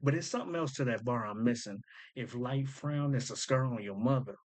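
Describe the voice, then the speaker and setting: Swobodny mężczyzna o zwyczajnym, średnio wysokim głosie rozkłada na części teksty rapowe. Myśli na głos, powtarza wersy i tłumaczy je luźnym slangiem. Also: male voice, mid-range voice, brisk. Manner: thinks aloud, repeats lines back, slangy and loose. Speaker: host breaking down rap lyrics. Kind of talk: casual commentary.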